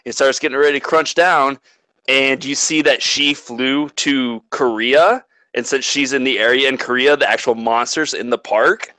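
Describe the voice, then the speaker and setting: A man's voice: mid-range voice, moderate pace, bright, forceful tone, dry recording, poor audio. A man in casual chat, animatedly retelling a movie plot and swearing freely.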